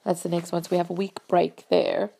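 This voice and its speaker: Chatty woman, gravelly and mellow. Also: fairly low pitch, a little fast. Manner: chatty, thinks aloud with many fillers and hedges. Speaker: MMA podcast host. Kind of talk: casual fight recap and predictions.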